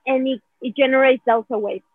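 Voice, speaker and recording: Rambling woman with a husky, tinny sound. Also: sits high, fairly even intonation, a little fast, no room sound. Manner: rambling, repeats "right?" and "like"; acts out feelings in quoted asides. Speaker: guest explaining a healing technique. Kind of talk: casual conversational explanation. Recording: dry, phone-like narrow sound.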